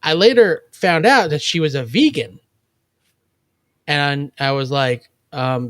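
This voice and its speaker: Brief: man, podcast co-host, higher voice, animated storyteller, dry close sound. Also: normal speed, no echo. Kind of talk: casual chat.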